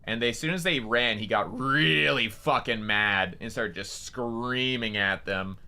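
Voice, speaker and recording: A man's voice: mid-range voice, a little slow, sharp tone. A young man, a streamer, telling a story casually, rambling with lots of fillers and swearing.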